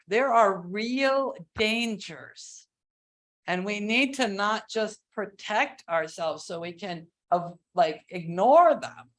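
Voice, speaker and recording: A woman giving a keynote talk on religious education, earnest and deliberate, stretching words for emphasis. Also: mid-range voice, fairly bright tone. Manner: earnest, slow, with drawn-out emphasis; sings and acts out cries while teaching. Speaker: keynote speaker.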